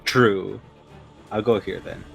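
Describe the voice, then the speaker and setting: A man's voice: lowish voice, steady tone, takes it slowly, vocal fry, lo-fi sound, faint music behind. Laughing young man playing a tabletop game. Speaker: player. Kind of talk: casual chat while playing.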